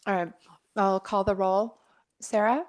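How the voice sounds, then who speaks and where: A woman's voice: mid-range voice, steady tone, unhurried. Casual woman chairing a board meeting. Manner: casual, agreeable, with fillers like 'kind of'. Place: city board meeting room.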